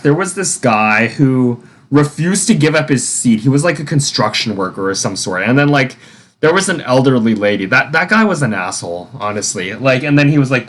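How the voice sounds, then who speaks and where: A man's voice: mid-range voice, a bit bright. A young man vlogging casually about his days, rambling with many fillers and restarts. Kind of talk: casual storytelling.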